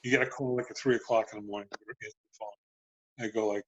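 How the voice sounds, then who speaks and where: A man in his sixties with a husky voice recounts old tour stories in casual, profane chat. He mimics the people he talks about as he goes. The sound is dry and a little muffled. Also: on the low side, quick pace, no echo. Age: 60s. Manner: profane, animated anecdotes with acted-out dialogue. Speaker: guest, former band road manager. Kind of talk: casual storytelling.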